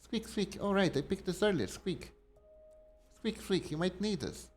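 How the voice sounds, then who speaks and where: A man voicing a small, timid, polite mouse-like creature from a game, adding little squeaks between lines. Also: expressive, measured pace, faint music behind. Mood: squeaky polite. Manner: high squeaky voice punctuated by squeaks. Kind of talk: reading game dialogue aloud in character.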